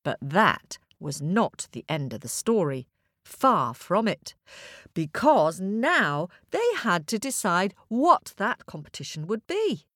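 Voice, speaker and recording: Playful, unhurried woman storyteller. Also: fairly low pitch, big pitch swings, a bit bright, dry recording, studio quality. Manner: playful, addresses children directly. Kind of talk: children's story narration.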